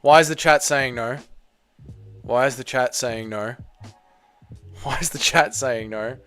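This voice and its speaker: A young man hosting a live watch party, reacting loudly to a fight, swearing and shouting at the screen. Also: mid-range voice, a little slow, clean tone, soft background music. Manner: excitable, swears a lot, yells at the screen.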